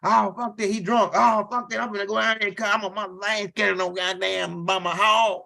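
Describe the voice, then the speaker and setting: A man's voice: high voice, flat delivery, a little fast, creaky, pitched above the performer's own voice, full character voice. A man doing a drunk cursing hunting buddy. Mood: cocky. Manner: loud, cursing bravado. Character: drunk, boastful white male hunting buddy.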